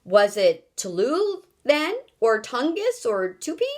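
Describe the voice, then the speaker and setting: A panicky, childish male president whines in a shrill, high voice and demands answers loudly. A woman acts him out with storybook comic flair. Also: sing-song, slow pace, heavily acted. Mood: whiny panic.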